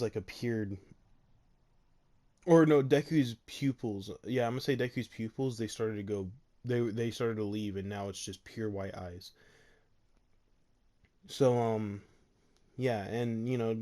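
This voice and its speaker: A man's voice: medium pitch, unhurried, warm tone. A man in his bedroom retelling a fan story in a rambling, filler-heavy way, laughing often.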